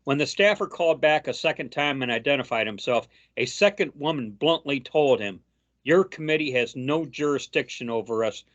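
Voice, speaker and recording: A man co-hosting a casual political chat, reading news quotes aloud with frequent halting fillers. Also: medium pitch, lively intonation, fairly bright tone, highs cut off. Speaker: co-host.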